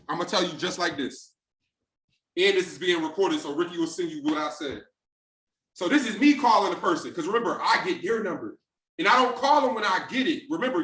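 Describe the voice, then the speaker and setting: High, bright-voiced man coaching a group. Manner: street slang, acts out dialogues in different voices. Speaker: sales team trainer. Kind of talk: motivational training talk on a group call. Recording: roomy and distant from the mic.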